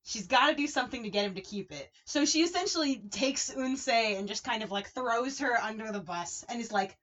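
A woman's voice: a little high, animated, brisk, few pauses, a bit bright. A woman co-hosting a casual recap chat, who laughs often and acts out characters' lines. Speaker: podcast co-host. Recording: dull lo-fi audio.

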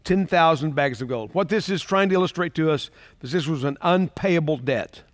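A man's voice: on the high side, normal speed, no room sound. A man preaching a sermon as pastor, talking in a conversational way and asking his listeners rhetorical questions.

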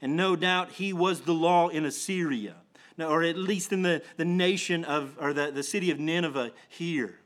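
Male pastor preaching, highish voice, keeps restarting then hits it hard. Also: normal speed, a bit bright. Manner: earnest preaching with many restarts and emphatic swells. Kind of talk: sermon.

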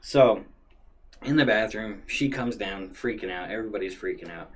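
A man casually retelling a story in a profane, animated way. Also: lowish voice, moderate pace, husky. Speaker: storyteller guest.

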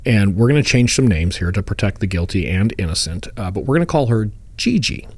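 A man's voice: lowish voice, expressive, brisk, darkish tone, dry recording. A man co-hosting a true crime podcast, telling the case in a casual, storytelling way and chuckling often. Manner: storytelling, acts out quotes in funny voices. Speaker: podcast co-host.

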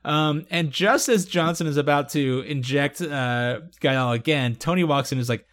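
A man chats casually as a podcast host, walking through a TV episode scene by scene. His voice sits a little high, and he slips into quick acted-out lines with laughter. He is loose and conversational. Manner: animated storytelling, acts out quotes with laughter. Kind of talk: casual chat.

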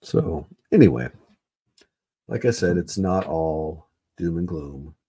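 A man's voice: low-pitched, animated, slow, warm tone, slightly rough. A man hosting a solo podcast, rambling and swearing, repeating himself with lots of fillers. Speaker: podcast host. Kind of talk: casual solo sports podcast rant.

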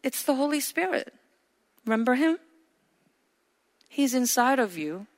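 A woman's voice: high voice, lively intonation, unhurried. A woman pastor preaching a sermon, emphatic, repeating her phrases and calling for amens. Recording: echoey hall with long reverb.

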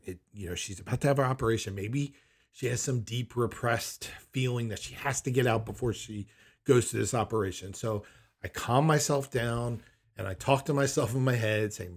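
Husky middle-aged man telling a story. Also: medium pitch, moderate pace. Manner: emphatic, incredulous storytelling. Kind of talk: personal anecdote.

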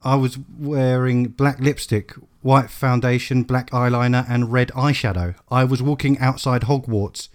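Man reading fanfic aloud, deadpan. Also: mid-range voice, a little slow, hardly any pauses. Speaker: podcast co-host. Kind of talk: comedic dramatic reading.

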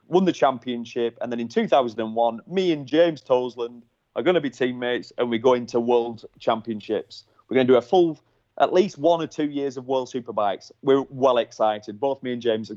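A man in a relaxed conversation, telling anecdotes with energy and dropping casual swear words. His voice sits at a middle pitch, and the recording is dry and a little dull. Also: dry recording. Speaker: podcast host, former racer. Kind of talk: casual storytelling chat.

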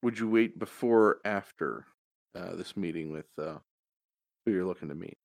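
A man's voice: deep voice, normal speed, gravelly, a little mellow, dry recording. A man running a tabletop game as game master, narrating hesitantly with many fillers.

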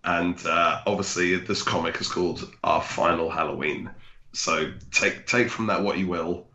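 A male guest on a podcast whose low voice has a bright, sharp edge. He stalls and restarts, teasing and evasive about his plans. The sound carries a noticeable room echo. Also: fairly even intonation, moderate pace, highs cut off. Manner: hesitant, playfully evasive, laughs. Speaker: guest comic artist. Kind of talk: casual chat. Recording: roomy echo.

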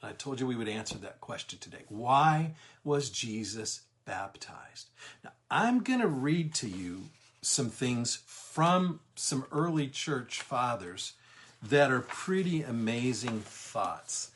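A middle-aged man leading a livestreamed Bible study, emphatic, slowing down on key words and greeting viewers as they join. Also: mid-range voice, sing-song, fairly bright tone.

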